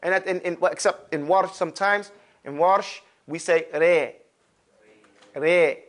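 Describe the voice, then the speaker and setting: A man teaching Arabic pronunciation to a class, demonstrating sounds with exaggerated mouth shapes in an animated way. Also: high voice, moderate pace. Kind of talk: classroom lesson. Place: classroom with students.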